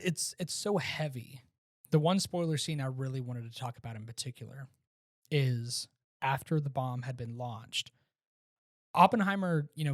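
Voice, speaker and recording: A man co-hosting a casual movie-review podcast, retelling scenes in an animated way and often restarting his sentences. His voice sits at a middle pitch and is recorded close and dry, with no room sound. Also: no room sound. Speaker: podcast co-host.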